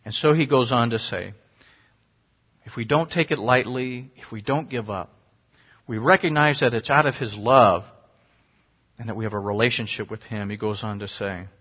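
A husky, medium-pitched middle-aged pastor preaches at a moderate pace, pausing often. His sermon feels earnest and conversational, with sharp rises for emphasis, and the recording is dull and lo-fi.

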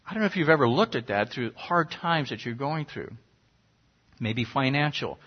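Heard through a dull, lo-fi recording, this middle-aged man preaches in a slightly rough, medium-pitched voice. He keeps it earnest and conversational, with sharp rises to stress a point.

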